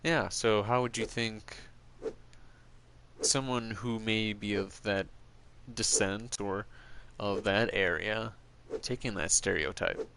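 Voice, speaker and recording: A man with a somewhat low voice talks slowly and casually to his stream chat. He rambles through opinions with many fillers. A faint background hum sits under his voice. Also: creaky.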